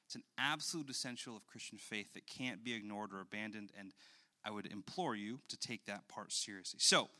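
Bright-voiced man preaching a sermon. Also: fairly low pitch, brisk. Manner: animated storytelling, acts out his daughter's voice. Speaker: pastor. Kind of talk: sermon with personal story.

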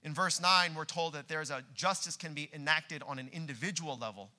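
A young adult man preaching a sermon in a church, telling a personal story with earnest delivery that climbs to loud, animated peaks. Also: fairly high pitch, brisk. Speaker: pastor.

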